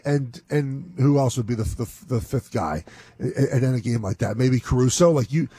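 A man co-hosting a sports betting podcast, rambling and animated, with many restarts. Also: mid-range voice, normal speed, breathy edge, no room sound. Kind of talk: casual sports chat.

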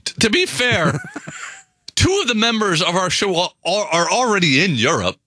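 A man's voice: high voice, sing-song, moderate pace, sharp tone. A man co-hosting a radio show, chatting playfully. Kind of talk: casual radio chat.

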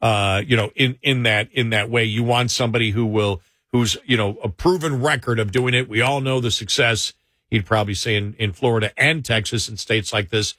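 A man's voice: medium pitch, fairly even intonation, fairly quick, pushed and bright, no room sound, clean studio sound. A man hosting a casual political talk show, conversational and sometimes sarcastic, often correcting himself mid-sentence.

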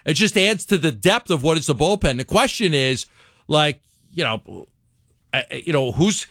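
Slightly high-voiced male radio co-host. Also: a bit bright, no echo, studio quality. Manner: easygoing, agreeable interjections. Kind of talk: casual sports radio chat.

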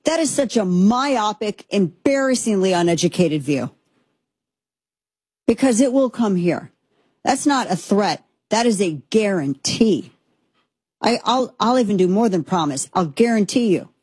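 A woman's voice: mid-range voice, animated, unhurried, darkish tone, breathy edge, no echo. A woman hosting a political commentary show, speaking in an emphatic, impassioned way that rambles with restarts. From United States.

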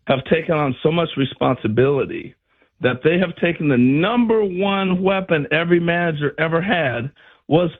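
A husky, fairly high-pitched older man telling stories from his playing days with lively energy. He acts out the lines of the people in his tales. The sound is muffled, as from a radio broadcast. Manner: animated storyteller acting out quotes. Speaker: former player turned radio analyst. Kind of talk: storytelling on a sports radio show.

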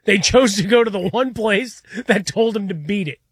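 A man's voice: high voice, normal speed, slightly rough, dry recording, clean studio sound. A male co-host in casual sports banter, teasing and wry.

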